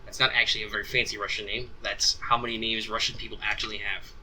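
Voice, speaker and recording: Bright-voiced male game master. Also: on the low side, little pitch movement, fast talker, slight background noise, low-quality recording. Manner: rambling, many ums and asides. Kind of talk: narrating a tabletop game.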